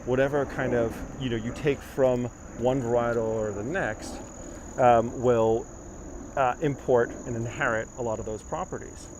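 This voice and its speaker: A man's voice: medium pitch, fairly even intonation, moderate pace. Man live-streaming a garden tour. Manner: casual, reads viewer comments aloud. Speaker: tour guide. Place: outdoors in a garden. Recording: outdoor live stream with clear background noise.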